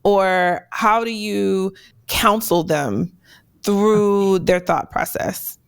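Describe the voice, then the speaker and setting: A woman hosting a podcast in casual interview chat. She is playful, laughs often and talks in quick asides. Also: medium pitch, smooth. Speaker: podcast host.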